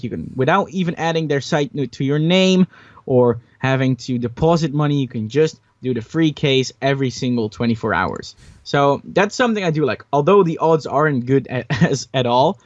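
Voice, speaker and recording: A man's voice: a little high, no room sound. Young man on a dull dry mic. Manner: hesitant, many fillers and restarts, opinionated. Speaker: podcast host. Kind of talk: casual podcast chat.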